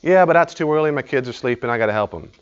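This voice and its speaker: A man's voice: mid-range voice, animated, rapid-fire, clear, resonant tone, dull audio, voice pushed up, lightly acted. A man voicing a weary mother who makes whiny excuses for everything. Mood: complaining. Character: weary mother excusing herself, adult woman.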